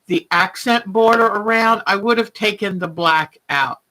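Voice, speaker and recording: A woman's voice: mid-range voice, unhurried, bright, forceful tone, rough recording. A woman hosting a quilting livestream, chatting casually and greeting viewers by name as she rambles along.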